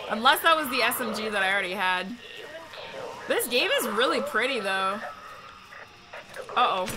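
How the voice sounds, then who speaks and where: A young woman streaming a game, chatting casually with loud, excitable outbursts. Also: on the high side. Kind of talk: live gameplay commentary. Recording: stream audio with background noise.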